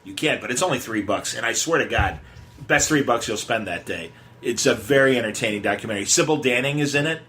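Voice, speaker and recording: A man's voice: mid-range voice, fast talker, sharp tone. Rambling man hosting a podcast. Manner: meandering, lots of fillers and restarts. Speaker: podcast host. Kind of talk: casual chat.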